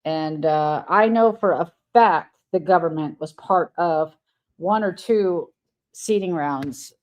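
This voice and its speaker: A woman's voice: medium pitch, a little mellow. A woman livestreaming in a rambling, irritated way, swearing often. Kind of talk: casual livestream chat.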